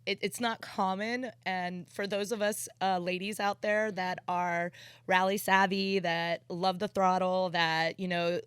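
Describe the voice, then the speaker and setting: Excitable woman telling a story. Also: on the low side, a little slow, smooth, no room sound. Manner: excitable storyteller, swears freely. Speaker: podcast guest. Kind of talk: casual chat.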